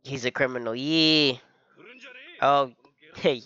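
A man's voice: medium pitch, unhurried, long pauses, a bit bright, muffled recording. A young man giving casual reaction commentary on an anime episode, laughing often and calling everyone "bro".

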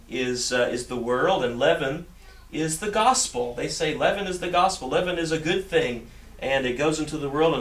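This man, a pastor, preaches in a church sanctuary with a mid-range, fairly bright voice, earnest and given to repetition and restarted phrases. A faraway microphone leaves a roomy echo and a faint hiss on the recording.

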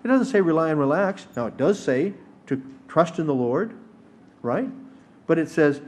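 A man's voice: on the high side, normal speed, a little mellow. Earnest man preaching a sermon. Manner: earnest and emphatic, rising to exhortation. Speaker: teacher at a synagogue service. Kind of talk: sermon teaching. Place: synagogue sanctuary.

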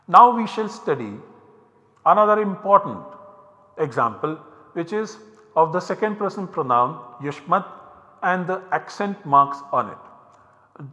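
A man with an Indian English accent giving a recorded university lecture, explaining step by step with measured pauses. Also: on the high side, pushed and bright. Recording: dull, hall-like lecture recording.

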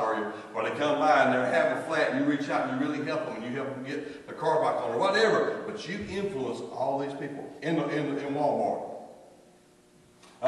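A man's voice: medium pitch, slight background noise. An older man preaching a sermon as pastor, folksy and full of repetitions and asides. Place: church sanctuary. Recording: echoey church hall from far off.

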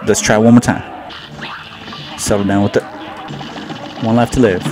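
A man's voice: fairly low pitch, flat delivery, normal speed. Jokey man narrating his own gameplay. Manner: jokey, self-mocking, repeats words. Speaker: gaming channel host. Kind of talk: casual gameplay commentary. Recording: game music playing behind.

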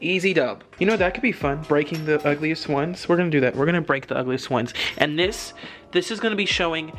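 A man's voice: a little high, brisk, over music. A man chatting casually to camera in a vlog, dramatic and slangy as he talks. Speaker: vlogger.

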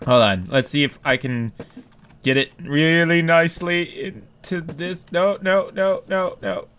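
A young man giving casual gameplay commentary, excitable, yelping, cheering and swearing at the game as he plays. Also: a little high, measured pace. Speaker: let's play gamer.

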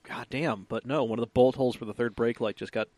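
A man co-hosting a podcast chats casually and rambles, dropping the odd swear. His voice sits at an ordinary pitch. The recording is dry and close. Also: steady tone, fast talker, a little mellow, no echo. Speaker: podcast co-host. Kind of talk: casual chat.

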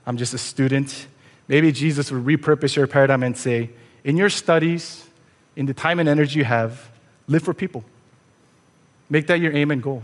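A man preaching a sermon as pastor, earnest and conversational, asking his listeners pointed rhetorical questions. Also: fairly high pitch. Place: church sanctuary. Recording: long church reverb.

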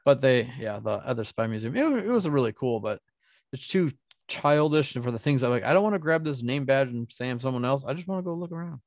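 A man's voice: mid-range voice, lively intonation, quick pace, no room sound, clean studio sound. A young man co-hosting a casual podcast chat, talking loosely, teasing and swearing freely. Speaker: podcast co-host.

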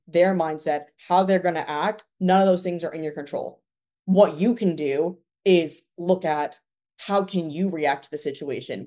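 A woman's voice: fairly low pitch, warm tone. A woman in her twenties from Canada, a podcast guest speaking earnestly in casual conversation and giving advice with plenty of fillers. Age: 20s.

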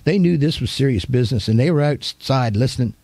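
An older man preaches in an easygoing, homespun storytelling style, his voice warm and mellow. He retells his memories vividly and with animation. The sound is dry and close, with no room around it. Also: medium pitch, animated, fast, no room sound. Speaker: pastor. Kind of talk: storytelling sermon.

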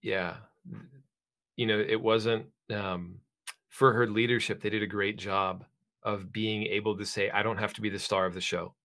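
A young man co-hosting a podcast, speaking in a relaxed, affirming, conversational way. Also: lowish voice, normal speed. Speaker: podcast co-host. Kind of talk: casual conversation.

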